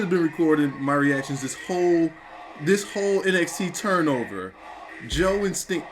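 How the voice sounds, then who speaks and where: A young man reacting live on camera for his review channel, stunned and repeating exclamations, with bursts of shouting. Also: fairly high pitch, animated, moderate pace. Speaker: wrestling reviewer.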